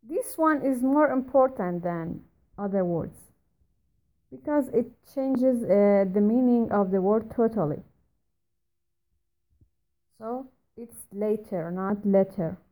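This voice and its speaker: A woman talks through pronunciation notes in a voice message, slowly and with a lot of hesitation. Her voice sits a little high but has a dark, mellow tone. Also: low-quality recording. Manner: slow, careful, hesitant with frequent uh fillers. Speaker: pronunciation tutor giving feedback. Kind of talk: recorded voice message feedback.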